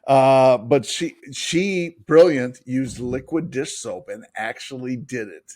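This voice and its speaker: A man's voice: mid-range voice, takes it slowly. A middle-aged man chatting as a podcast guest, telling jokey stories. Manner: jokey, animated storyteller. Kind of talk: casual chat.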